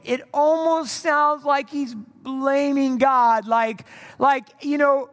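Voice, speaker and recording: Animated preacher in a reverberant hall. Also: male voice, very high-pitched, measured pace. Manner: animated, conversational preaching with rhetorical asides. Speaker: pastor. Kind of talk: sermon.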